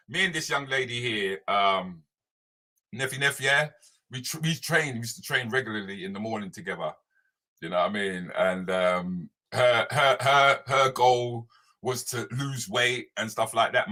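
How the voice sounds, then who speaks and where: A man hosting a live stream as a comedian, chatting loosely and greeting viewers by name. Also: medium pitch. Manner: animated, loose, slangy, talks straight to viewers by name.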